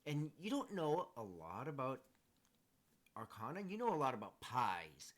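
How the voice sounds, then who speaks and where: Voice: mid-range voice, huge pitch swings, unhurried. A game master narrating a tabletop game in an easygoing way, with many fillers.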